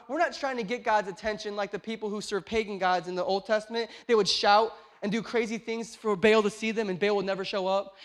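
Pastor, male, thirties, high voice, sermon that swings from shouting to quiet chat. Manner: swings from shouting to hushed, conversational storytelling. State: tired, short on sleep.

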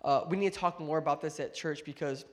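Male pastor, slightly high voice, casual preaching with big loud swells and quiet lows. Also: fast. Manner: preaching that swells to loud, high-pitched climaxes then drops soft and low; conversational asides and jokes to the congregation. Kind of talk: sermon.

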